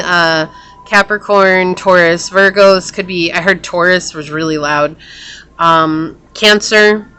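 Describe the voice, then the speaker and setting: A woman's voice: medium pitch, fairly bright tone, smooth. Chatty woman giving a tarot reading. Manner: chatty, frequent fillers and restarts. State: hiccups. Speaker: tarot reader. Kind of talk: casual spoken tarot reading.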